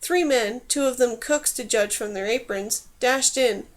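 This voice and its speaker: A woman reading a fantasy novel aloud in steady, clear scripted narration. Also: on the high side, unhurried, few pauses. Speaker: audiobook reader.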